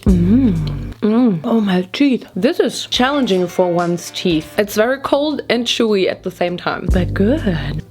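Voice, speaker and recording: Young woman from Germany, playful and chatty vlogger, a little rough morning-voiced, casual at-home tasting. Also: medium pitch, expressive, a little slow, few pauses, darkish tone, soft background music. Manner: playful, chatty, laughs often. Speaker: YouTuber. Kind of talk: casual food-tasting vlog.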